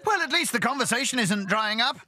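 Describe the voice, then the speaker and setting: A man's voice: very high voice, lively intonation, a little fast. A man narrating a reality cooking show in scripted voice-over, with teasing, sarcastic quips. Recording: voice-over with loud music behind.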